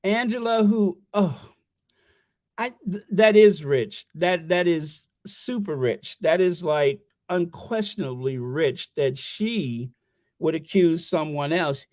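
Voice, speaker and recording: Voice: medium pitch, animated, slow, a little mellow, no echo, studio quality. A livestream host chatting casually, rambling and stammering while reading viewer messages aloud.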